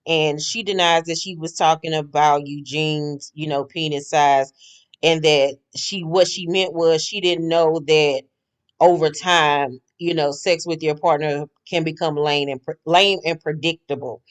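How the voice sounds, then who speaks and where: A woman's voice: low voice, steady tone, a little slow, clean tone. A woman giving a casual, gossipy, profane recap of a reality show, blunt and sassy in her opinions.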